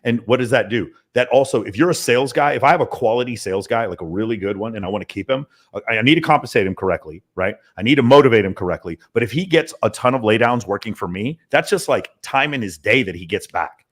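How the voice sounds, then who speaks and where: A man talking as a podcast guest about his sales team, in an emphatic, profane, rapid-fire way. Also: medium pitch, lively intonation. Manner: emphatic, profane, talks in long runs. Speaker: podcast guest, mentoring business owner. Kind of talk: casual podcast interview.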